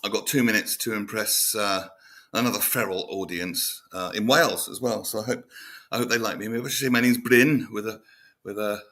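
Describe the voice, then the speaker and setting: A man rambles through a casual midday chat, animated and often laughing as he talks. His voice sits a little low but rings bright and forceful. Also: brisk, creaky. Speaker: host.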